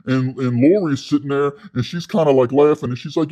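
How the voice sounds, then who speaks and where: A man's voice: mid-range voice, brisk, hardly any pauses, dark tone. A man telling a comic story in a rambling way, with stumbling restarts. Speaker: comedy storyteller.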